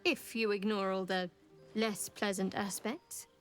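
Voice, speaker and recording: A woman's voice: mid-range voice, flat delivery, unhurried, soft background music, lightly acted. An actress voicing a guarded, wry young woman cleric in a video game, speaking coolly and drily. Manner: cool, reserved, dry.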